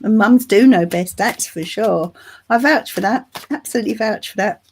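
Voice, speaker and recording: Still getting over the flu, this middle-aged woman from England reads tarot live for her channel and chats warmly with the audience, addressing them as "love" and "darling." She speaks at a moderate pace in a medium-pitched voice with a breathy edge.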